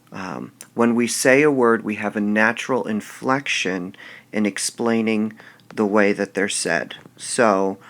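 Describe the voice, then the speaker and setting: A man teaching a video lesson at an unhurried, careful pace, stretching out each example word. His low voice has a gravelly edge. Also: fairly bright tone. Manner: slow, deliberate explaining, drawing out example words.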